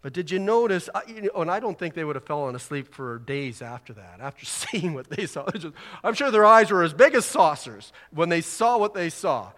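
A man delivering a sermon in a slightly higher voice, easygoing and conversational, then pressing his points hard. His words ring out with a long reverb through the hall. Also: big pitch swings, a little fast, few pauses, fairly bright tone. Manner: conversational, rising to emphatic exhortation. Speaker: pastor.

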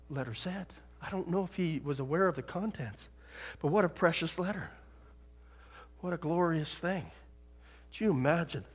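A man preaching a sermon in a church, dramatic, dropping to a hush and rising loud. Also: on the high side. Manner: dramatic, swings from hushed to loud. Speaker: pastor. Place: church sanctuary. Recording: long hall reverb.

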